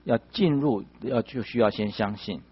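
A man with a husky, mid-range voice interprets a sermon consecutively. He renders each phrase promptly after the preacher. The recording sounds dull. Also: medium pitch, normal speed.

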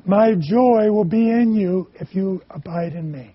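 A man preaching a sermon in short phrases, pausing so an interpreter can follow. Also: sits high, husky, no room sound, lo-fi sound.

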